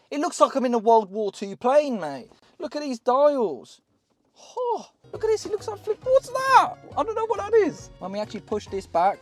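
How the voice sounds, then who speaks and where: A young British man casually showing off a cheap used car, excitable, joking and swearing as he goes. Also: high voice. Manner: excitable, swearing, laughing, jokey. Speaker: car vlogger. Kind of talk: casual car walkaround vlog.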